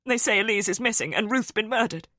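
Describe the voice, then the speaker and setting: A woman's voice: mid-range voice, fast, pushed and bright, dry recording, voice pushed up, lightly acted. A woman voicing a frantic father on the phone, tense and close to tears.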